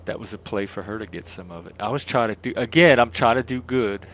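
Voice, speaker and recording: A man's voice: fairly low pitch, quick pace, a bit bright. A man casually chatting through a gameplay stream and talking to his chat. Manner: rambling, talks to chat.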